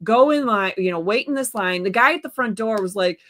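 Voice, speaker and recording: A woman telling a story in a casual interview, animated and exasperated, acting out what people said to her. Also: medium pitch, fairly quick. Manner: animated, exasperated retelling with quoted dialogue. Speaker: guest, stand-by counsel. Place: live stream, remote.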